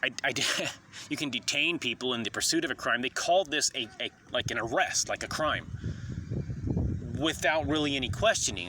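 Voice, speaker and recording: A man's voice: mid-range voice, pushed and bright, a little hiss or hum. A man delivering an indignant, rambling monologue to camera about constitutional rights, full of ums and uhs. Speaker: video commentator.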